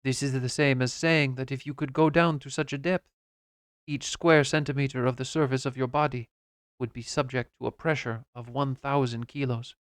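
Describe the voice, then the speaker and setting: A man narrating an audiobook in a measured, precise, somewhat lecturing way. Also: medium pitch, fairly even intonation, dry recording, studio quality. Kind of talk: audiobook reading.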